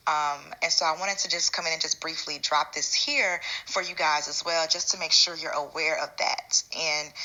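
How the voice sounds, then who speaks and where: A woman's voice: low voice, bright, forceful tone, rough recording. A woman hosting her spiritual channel, talking casually and rambling a little, with fillers and restarts. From United States. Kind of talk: casual spiritual vlog talk.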